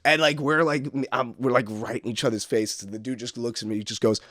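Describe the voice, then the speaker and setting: A young man, a comedian, telling a story in casual podcast chat and loudly acting out the people in it. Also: medium pitch, brisk, no echo, studio quality. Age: young adult. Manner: animated storyteller, acts out quotes loudly. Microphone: podcast studio mic.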